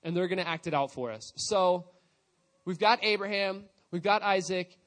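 A man's voice: sits high, moderate pace. A man leading a youth service, casually retelling a scripture story while others act it out. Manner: casual, animated retelling with quoted voices. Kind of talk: storytelling sermon.

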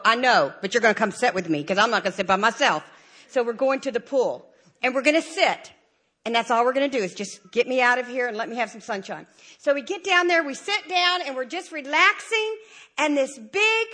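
A woman giving a lively, humorous church testimony and acting out the dialogue as she goes. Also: sits high. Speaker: church speaker sharing a testimony. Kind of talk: animated storytelling testimony.

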